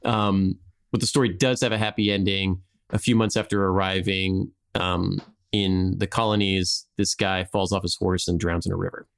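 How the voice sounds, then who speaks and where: A man's voice: deep voice, level tone, moderate pace, gravelly, smooth. A man hosting a podcast, telling a history story in a rambling, casual way with frequent restarts and laughs.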